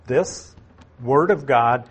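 A man gives an expository Bible lesson at a slow, deliberate pace. His voice is a little husky, and he stops to explain terms and repeat the point so it lands. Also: medium pitch. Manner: unhurried, explains terms and repeats key phrases. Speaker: Bible teacher.

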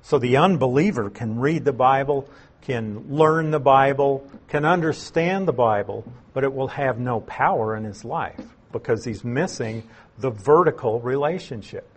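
Going through a Bible passage one verse at a time, a male elder speaks unhurriedly in a mid-range voice with a breathy edge. He stops to explain words and repeats key phrases to stress them.

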